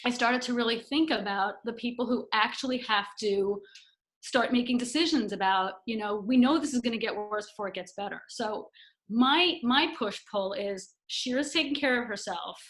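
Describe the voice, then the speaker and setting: Woman with a bit of a high voice, telling a story on a call, really into it. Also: normal speed. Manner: animated storyteller, acts out quotes. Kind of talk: casual chat.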